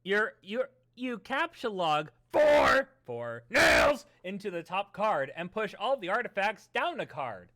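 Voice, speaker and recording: A man chatting casually and reading a webcomic aloud, often bursting into loud theatrical readings. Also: sits high, sing-song, slow, few pauses. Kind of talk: casual chat and comic read-along.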